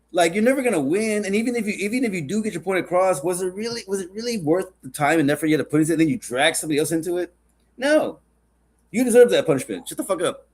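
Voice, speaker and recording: A man's voice: high voice, darkish tone. Rambling, profane podcast host, a man. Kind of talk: casual podcast chat.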